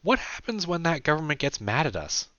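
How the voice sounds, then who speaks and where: A man voicing a teasing, deadpan young woman interviewer in an audiobook, asking dry pointed questions. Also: on the high side, brisk, dry recording, pitched above the performer's own voice. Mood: probing. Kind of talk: audiobook character voice. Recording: dull dry lo-fi recording.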